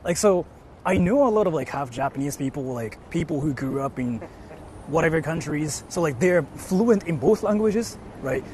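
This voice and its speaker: A man's voice: a little high, lively intonation, moderate pace, a little mellow, a little hiss or hum. A young man live-streaming outdoors on a city street, reading chat aloud and rambling with lots of "like". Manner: rambling, heavy use of "like". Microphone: portable streaming mic.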